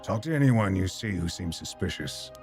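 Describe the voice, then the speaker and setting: A man's voice: deep voice, expressive, moderate pace, a little mellow, faint music behind. A man voicing a blunt, wary male police detective in a game read-through. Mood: firm. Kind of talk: voicing game characters aloud.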